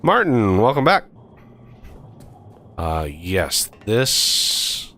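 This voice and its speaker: Deep, slow-talking man streaming a game. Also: huge pitch swings, pushed and bright. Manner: thinks aloud, counts off steps while building. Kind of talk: casual multiplayer gameplay chat.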